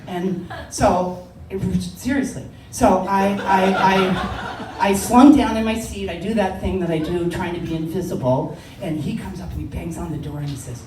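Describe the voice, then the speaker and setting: An older woman telling a personal story, animated and laughing, acting out the voices of others. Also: lowish voice, normal speed, few pauses. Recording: echoey room, distant mic, noisy.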